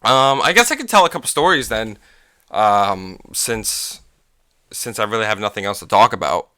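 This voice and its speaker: A man's voice: fairly low pitch, animated, normal speed, bright, forceful tone, clean tone, no room sound, clean studio sound. A man chatting casually on his own podcast, rambling through stories with lots of swearing and filler words. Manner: rambling, swears a lot, frequent fillers and laughs. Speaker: podcast host. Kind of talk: casual solo podcast chat.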